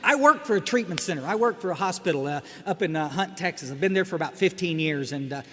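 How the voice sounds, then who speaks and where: A man's voice: a little high, animated, fast talker, bright, forceful tone. A middle-aged man giving a humorous personal talk at a recovery meeting, wry and joking, often restarting his sentences and making asides to the crowd. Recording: echoey hall with faint background noise.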